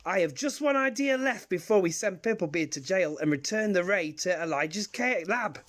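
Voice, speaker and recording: A woman reading her own illustrated children's story aloud with a lively, expressive storytelling delivery. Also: medium pitch, normal speed.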